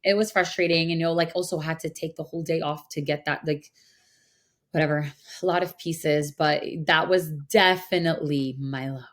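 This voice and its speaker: A woman co-hosting a counseling podcast, telling a story in casual chat with animated delivery and frequent "like" fillers. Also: deep voice, moderate pace. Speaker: podcast co-host, mental health counselor.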